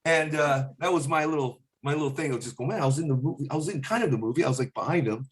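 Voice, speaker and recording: A stand-up comedian telling a rambling story, often restarting sentences and slipping into quick celebrity impressions. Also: male voice, fairly high pitch. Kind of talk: animated storytelling.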